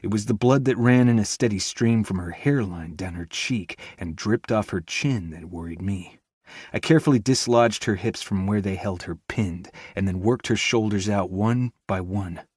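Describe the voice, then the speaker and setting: A male audiobook narrator with a fairly low voice, reading in the first person with tense intensity. The sound is close and dry, with no room echo. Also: normal speed, a little mellow, husky.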